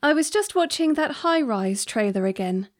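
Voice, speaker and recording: Playful woman host with a high, animated voice, for a comic podcast. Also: moderate pace.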